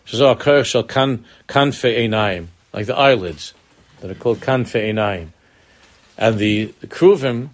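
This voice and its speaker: Earnest man teaching Torah. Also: on the low side. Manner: earnest, repeats words, mixes Hebrew terms into English, rises in emphasis. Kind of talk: Torah lecture.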